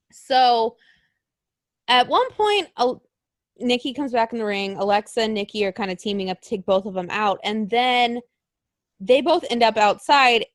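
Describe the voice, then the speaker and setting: A woman co-hosting a casual wrestling podcast, animated and blunt, acting out quotes in higher voices and swearing now and then. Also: no echo, studio quality. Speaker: podcast co-host.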